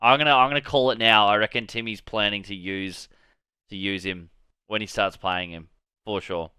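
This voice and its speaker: A man hosting a gaming channel, giving excitable, rambling casual commentary on a game reveal and swearing now and then. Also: on the low side, normal speed, clean tone, no echo.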